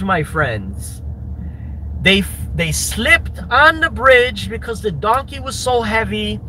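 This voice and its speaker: Man, high bright voice, rambling repetitive storyteller, outdoor recording with faint street noise. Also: low-quality recording. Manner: rambling, repetitive, stammering restarts.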